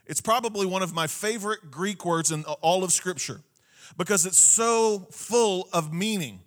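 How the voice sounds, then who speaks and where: A man's voice: sits high, moderate pace, a bit bright. A male pastor preaching a sermon, repeating key phrases and often checking in with "Amen?" to the congregation.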